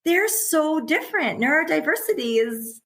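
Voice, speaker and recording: A woman's voice: high voice, sing-song, normal speed, a bit bright. Middle-aged woman guest on a podcast, chatty and candid, laughs a lot mid-sentence. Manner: chatty and candid, laughs often while talking. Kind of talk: casual conversational interview.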